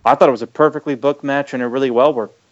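A man's voice: medium pitch, steady tone, fast talker, dry recording. A man in casual chat, explaining his views analytically with frequent fillers. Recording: dull, lo-fi, dry sound.

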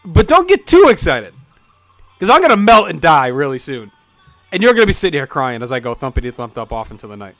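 A man's voice: a little high, big pitch swings, fast talker, a bit bright, no echo, soft background music. A man co-hosting a casual comedy podcast, ranting and swearing with jokey outrage. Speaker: podcast co-host.

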